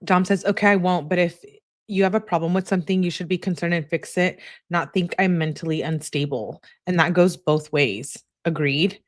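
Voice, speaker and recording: A woman's voice: on the low side, normal speed, no echo, studio quality. A woman hosting a true-crime channel, reading text messages aloud and adding chatty asides between the lines.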